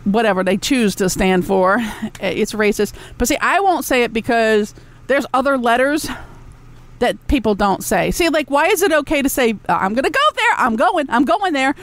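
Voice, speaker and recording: Blunt, high-voiced woman ranting. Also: lively intonation, normal speed. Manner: blunt, profane, sarcastic ranting; talks back to a chat room. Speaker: podcast host. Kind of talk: ranting solo podcast talk.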